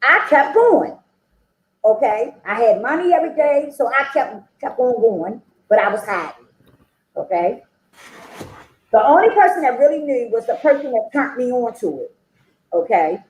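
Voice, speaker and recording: Lively woman telling her recovery story. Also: fairly high pitch, normal speed, roomy sound, a little hiss or hum, low-quality recording. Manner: chatty storytelling, acting out quoted dialogue, frequent "okay?" and "you know?". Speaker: recovery meeting speaker. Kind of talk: personal recovery testimony.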